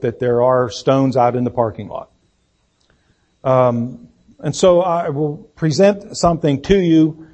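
A man preaching a sermon as pastor, speaking deliberately and emphatically, with fillers and restarts. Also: mid-range voice, dark tone. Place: church sanctuary.

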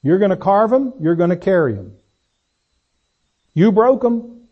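A man preaching a sermon, swinging between loud slow emphasis and low quiet asides. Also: big pitch swings. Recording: dull lo-fi recording.

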